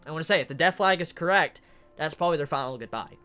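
A man's voice: on the high side, quick pace, bright, forceful tone, clear, resonant tone. A man casually reviewing a manga chapter who gets openly worked up and swears as he talks.

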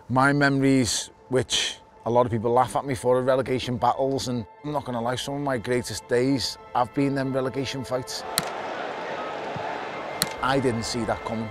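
A man's voice: medium pitch, steady tone, brisk, faint music behind. A man with a Liverpool accent talks passionately and bluntly in a casual documentary chat, with a joking edge. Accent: Liverpool (Scouse). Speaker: football fan on a stadium tour.

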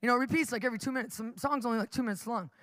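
A middle-aged woman preaching live with animated storytelling, laughing often and acting out the people in her stories. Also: fairly high pitch, very fast, no room sound.

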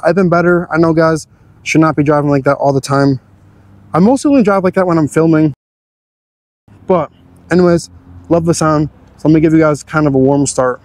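A man's voice: fairly high pitch, brisk, pauses often, a little mellow, dry recording. A young man hosting a car channel, giving an easygoing, chatty walkthrough of his car's features.

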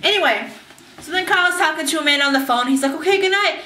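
A woman's voice: high-pitched, fast talker, pushed and bright, roomy sound, recorded from a distance. A young woman recapping a TV episode in a casual vlog, bubbly and acting out scenes in silly voices. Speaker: TV recap vlogger. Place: bathtub.

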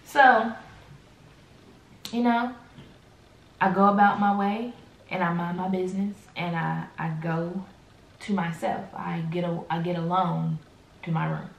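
A woman telling a casual storytime to her viewers, animated and slangy, speaking straight to the camera. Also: fairly low pitch, unhurried, creaky, long pauses, roomy sound, highs cut off, slight background noise.

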